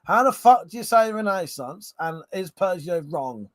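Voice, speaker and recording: A man hosting a late-night livestream, a little tipsy, chatting with viewers as he reads their comments. His slightly high voice swings up and down animatedly, with frequent laughter and casual swearing. The sound is close and dry. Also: expressive, moderate pace, fairly bright tone, dry recording. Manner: laughs often and swears freely. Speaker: livestream host. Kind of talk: casual live-stream chat reading viewer comments.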